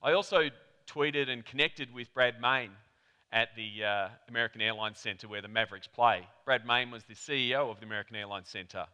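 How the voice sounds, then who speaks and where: An Australian man from Melbourne giving a conference talk, telling a chatty anecdote with quick asides to the audience. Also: medium pitch, sharp tone, smooth. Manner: chatty storyteller, rapid asides. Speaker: conference presenter. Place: conference hall. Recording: reverberant hall.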